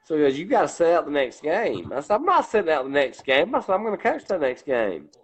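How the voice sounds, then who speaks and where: A middle-aged man with a Southern accent, co-hosting a casual chat and telling loud, profane stories. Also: sing-song, quick pace, slightly rough. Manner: loud, profane storytelling, acting out his own coaching lines in a deep growl. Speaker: co-host.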